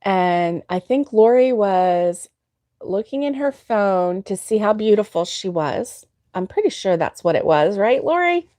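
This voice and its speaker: A woman's voice: mid-range voice, big pitch swings, measured pace, warm tone, no echo. A woman hosting a crochet livestream, telling a story in casual chat and laughing often.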